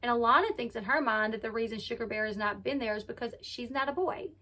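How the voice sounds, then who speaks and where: A woman's voice: on the high side, fast talker, pushed and bright. A woman casually retelling a reality show episode, acting out the quotes as she goes. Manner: chatty retelling, acts out quotes. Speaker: reality TV recap host. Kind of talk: casual recap narration.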